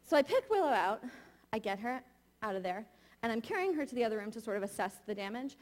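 A woman's voice: on the high side, sing-song, fast. A woman in her thirties preaching a sermon, telling a candid, confessional personal story.

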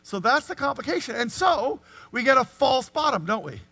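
A man preaching a sermon, animated and full of rhetorical questions to the congregation. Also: extremely high pitch, moderate pace. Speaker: pastor.

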